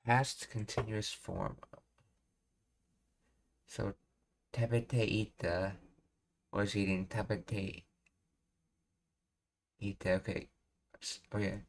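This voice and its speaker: A man thinking aloud as he works through Japanese grammar on a live stream, reading notes and pausing often to puzzle things out. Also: lowish voice, level tone, vocal fry, a little hiss or hum. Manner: slow, halting, pausing to read and puzzle things out. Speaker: language learning streamer.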